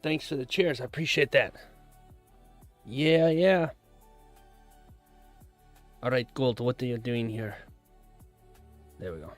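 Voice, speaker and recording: A man's voice: mid-range voice, slow, pauses often. Chill guy running a trading stream, just hanging out talking to chat, mid voice, little bit of music behind. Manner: laid-back, chatty with viewers, trails off while checking charts. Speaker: livestream host, futures trader. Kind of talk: casual live-stream chat.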